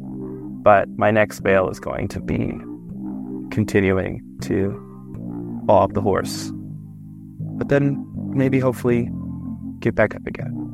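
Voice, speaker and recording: A man with a low, gravelly voice speaks as a guest on a podcast. He is reflective and earnest and often restarts his thoughts. Faint music plays underneath. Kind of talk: casual interview.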